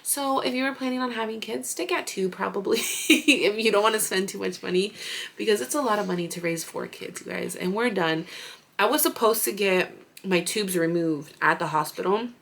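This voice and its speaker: A woman's voice: medium pitch, normal speed, creaky, a bit bright. A woman in her thirties, a mother vlogging, chatting casually and animatedly through a story with lots of fillers.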